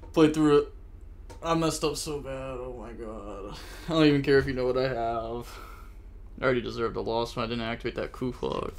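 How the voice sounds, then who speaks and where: Speaking at normal speed with long pauses, a medium-pitched young man streams a card game and chats with viewers. He's frustrated and self-critical, grumbling about his own mistakes.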